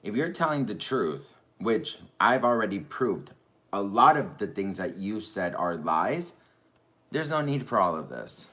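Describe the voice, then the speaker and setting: Annoyed guy with a lowish voice, keeps asking who the so many people are, repeats himself. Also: big pitch swings, measured pace, a bit bright. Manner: indignant, repeats rhetorical questions. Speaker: YouTuber defending himself. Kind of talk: indignant video commentary.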